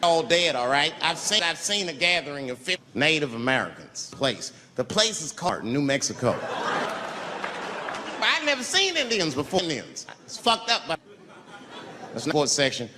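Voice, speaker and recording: Animated male comic in a big echoey venue. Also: on the high side, moderate pace. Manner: animated storytelling, shouted punchlines and acted-out voices. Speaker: stand-up comedian. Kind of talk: stand-up routine. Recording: echoey large venue with background noise.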